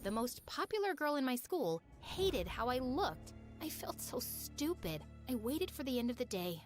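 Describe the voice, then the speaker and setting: A woman narrating her own story in an expressive, confessional scripted storytime style, with music behind. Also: on the high side. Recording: narration over background music.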